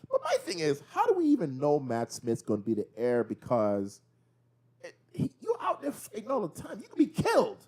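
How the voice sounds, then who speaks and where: A man chatting with a lively, swooping voice that rises and falls as he recaps a show. He acts out the characters' lines as he goes, keeping things casual and conversational. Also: medium pitch, fairly quick. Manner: animated, acts out the scenes in quoted voices. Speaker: podcast co-host. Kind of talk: casual pop-culture chat.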